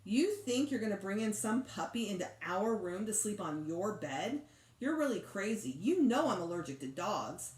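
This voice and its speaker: A woman's voice: very animated, moderate pace, darkish tone, lightly acted. A woman voicing a fussy, boastful young girl who complains and exaggerates, read aloud from a storybook. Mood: indignant. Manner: complaining, exaggerating, high-strung. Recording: echoey room.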